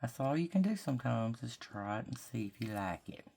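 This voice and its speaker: A woman's voice: a bass voice, lively intonation, vocal fry, mellow, slight background noise. A woman from Mississippi with a Southern drawl, chatting and thinking aloud as she works on a craft project at her desk. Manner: chatty, thinking aloud while working, drawn-out words. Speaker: craft vlogger. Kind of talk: casual crafting chat to camera.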